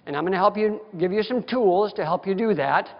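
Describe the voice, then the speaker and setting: A man's voice: sits high, brisk, creaky. A man giving a continuing-education lecture to dentists, folksy, direct and emphatic in manner. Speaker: dental lecturer. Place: lecture hall. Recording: dull sound with long hall reverb.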